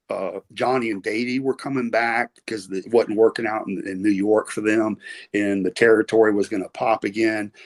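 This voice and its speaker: A middle-aged man with a Southern US accent, telling rambling stories as a podcast guest with many fillers and restarts. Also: fairly low pitch. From American South. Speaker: podcast guest, former wrestler. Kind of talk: casual storytelling interview.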